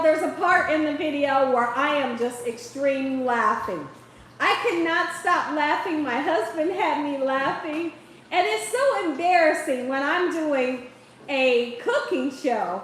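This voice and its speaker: A woman's voice: high-pitched, expressive, measured pace. A middle-aged woman hosting a casual live cooking show from her home kitchen, chatty and playful, often laughing as she talks. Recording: very echoey room with faint background hiss.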